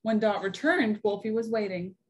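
A woman reading a picture book aloud to children, gently explaining words as she goes. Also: medium pitch, moderate pace. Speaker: story reader for children at church.

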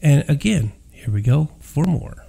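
A man's voice: on the high side, lively intonation, unhurried, gravelly, very noisy. Profane rambling man hosting a show. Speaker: paranormal audio show host. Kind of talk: ranting monologue.

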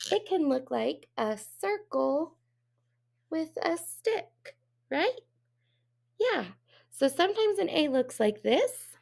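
A woman teaching an early phonics lesson, speaking slowly and drawing each sound out for small children. Her voice sits a little high, with a gravelly edge. She asks cheerful, encouraging questions. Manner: slow, exaggerated sounds for young children.

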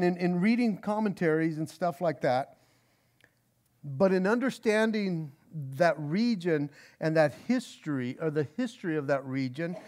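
High, lively-voiced male pastor preaching. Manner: earnest, frequent stammered restarts; reads scripture aloud slowly. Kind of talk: expository sermon.

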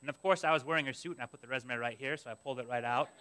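A young adult man preaching a sermon, telling a personal story in an animated way and acting out his own past complaints. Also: medium pitch, rapid-fire, clear, resonant tone. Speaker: pastor.

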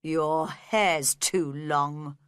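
A woman voicing an odd, blunt male Hatter in a storybook, slow and deliberate. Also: low voice, fairly even intonation, smooth, no echo, clean studio sound, voice pushed down.

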